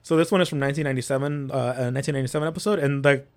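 A man's voice: medium pitch, steady tone, racing. A man hosting a casual podcast, reading paranormal accounts aloud with small slips and restarts.

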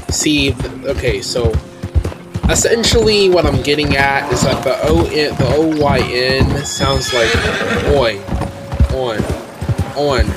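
A man hosting a podcast, casually talking through a video game he is playing, often restarting his sentences. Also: medium pitch. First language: English. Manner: rambling, restarts sentences, chatty. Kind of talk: casual gameplay commentary.

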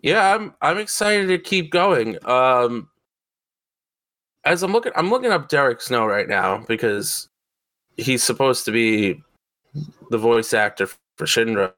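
Man, podcast co-host, excitable and foul-mouthed, crisp forward tone, dry close sound. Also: mid-range voice, measured pace, pauses often, no echo. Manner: excitable, swears freely, rambling. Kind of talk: casual chat.

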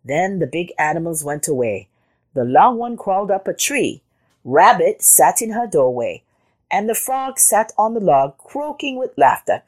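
A woman hosting a children's story channel, reading a storybook aloud with expressive sound words. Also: on the low side, measured pace, faint music behind. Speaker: storyteller host.

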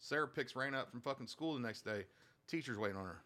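Bright-voiced swearing dad telling stories. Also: male voice, medium pitch, expressive, fast. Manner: profane storyteller, swears constantly. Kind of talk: casual chat.

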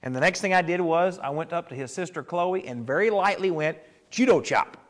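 Higher-voiced male pastor preaching. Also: brisk. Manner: emphatic storytelling, asks the congregation questions. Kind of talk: sermon.

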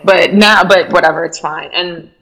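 A young adult woman from Miami with a Miami accent, telling stories in casual chat, animated, full of fillers and quoted voices. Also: lowish voice, moderate pace, gravelly, a crowd in the background. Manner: chatty, animated storytelling with many likes and quoted voices. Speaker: guest.

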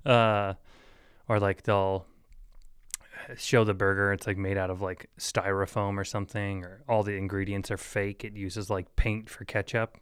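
Recorded close with no echo, this podcast host talks alone in a smooth, low-set voice, keeping a level tone and an unhurried pace. His casual rambling wanders from idea to idea, heavy on "like" and "uh," with joking, mock-serious asides that make him laugh at himself.

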